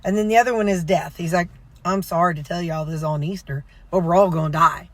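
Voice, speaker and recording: A woman's voice: fairly low pitch, a little fast, no room sound. A woman vlogger in a car, casually retelling a sermon in a rambling way, full of fillers and self-corrections. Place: inside a car.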